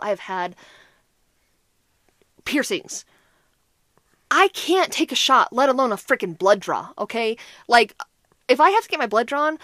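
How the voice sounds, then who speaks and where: Animated woman telling a story. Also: a little high, no room sound, studio quality. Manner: animated storyteller, heavy use of "like". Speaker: podcast co-host. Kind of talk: casual chat.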